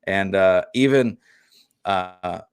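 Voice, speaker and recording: A man with a fairly low voice co-hosts a casual parenting podcast. He rambles through stories with lots of fillers and restarts. The recording is dry and close. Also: extremely slow, clean tone, no room sound. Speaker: podcast co-host. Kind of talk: casual chat.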